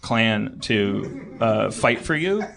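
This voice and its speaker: A man's voice: lowish voice, sing-song, drawn-out words, gravelly. A man hosting a live comedy podcast, joking around and acting out silly voices. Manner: jokey, acts out silly voices. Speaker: host. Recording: live stage with crowd noise.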